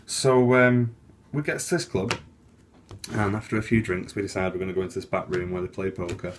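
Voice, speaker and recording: A man's voice: low-pitched, fairly even intonation, fairly quick, slight background noise. A man, a card magician, telling a casual anecdote as patter for a trick. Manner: casual, anecdotal, fond of "I'm like". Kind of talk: chatty storytelling patter.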